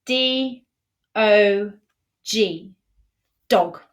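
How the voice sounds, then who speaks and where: A woman teaching a beginner sign language lesson in a live stream, encouraging and repeating key phrases slowly and firmly. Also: mid-range voice.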